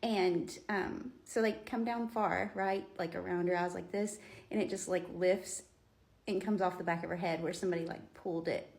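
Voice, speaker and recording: A woman's voice: on the low side, fairly even intonation, normal speed, vocal fry, a little mellow. A woman, telling stories casually into her phone at home, rambling with lots of fillers. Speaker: vlogger. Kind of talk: casual storytelling.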